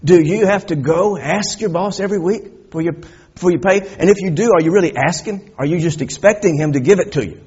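A man's voice: high voice, a little fast, a little mellow, breathy edge, highs cut off. A middle-aged man preaching a sermon, building emphasis and asking rhetorical questions of his listeners. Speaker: pastor.

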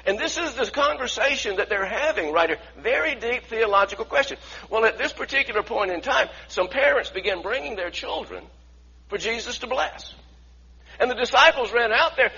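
A man preaching a sermon, swinging from loud, emphatic bursts to quiet, intense passages. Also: extremely high pitch, very animated, normal speed, slightly rough. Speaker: pastor. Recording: slightly dull lo-fi sound.

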